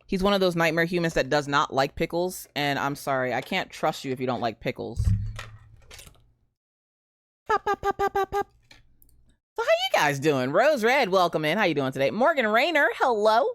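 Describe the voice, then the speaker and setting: Her voice sits low and moves a little fast with few pauses, recorded studio-quality without echo. A woman in her thirties, she's live streaming casually, greeting viewers by name and telling a story in an animated, Southern "y'all" manner.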